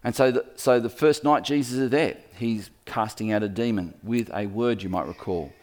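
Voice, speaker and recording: A man preaching a sermon in a lively storytelling manner, speaking to the room as he points at a map. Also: on the low side, moderate pace. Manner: lively storytelling, acts out quoted voices.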